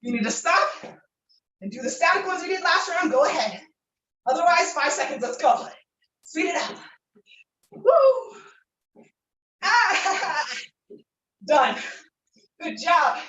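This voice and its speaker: A woman leading a live workout class, energetic and encouraging, laughing and whooping while out of breath. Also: very high voice, slow pace, long pauses, distant mic. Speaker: fitness instructor. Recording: echoey room, voice from off-mic.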